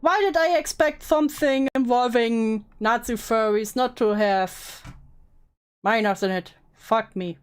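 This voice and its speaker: A woman's voice: fairly high pitch, unhurried, clear, resonant tone. A woman livestreaming a reaction to a video, chatting casually, laughing often and thanking viewers. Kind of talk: casual live reaction chat.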